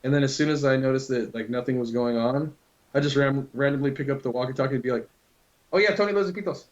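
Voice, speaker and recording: A man's voice: medium pitch, level tone, fast, a little mellow. A man casually telling a long prank story to a friend, loose and full of swearing. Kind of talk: casual chat. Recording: dull lo-fi recording.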